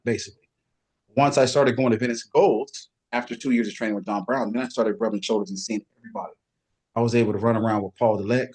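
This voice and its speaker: A middle-aged man, a guest bodybuilder, telling lively backstage stories and imitating other people's voices in casual chat. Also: medium pitch. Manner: animated storyteller, does voices of others. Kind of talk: casual storytelling.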